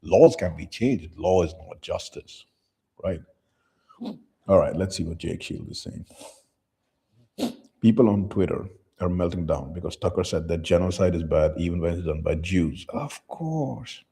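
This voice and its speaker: Male commentary host, deep mellow husky tone, blunt and profane delivery. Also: fairly even intonation, normal speed, long pauses. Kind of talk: casual commentary reading posts aloud.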